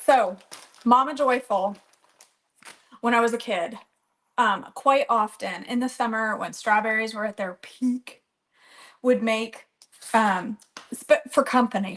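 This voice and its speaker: A woman's voice: mid-range voice, fairly bright tone. A woman hosting a live cooking stream from her home kitchen, chatting and rambling as she greets viewers by name. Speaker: cooking channel host.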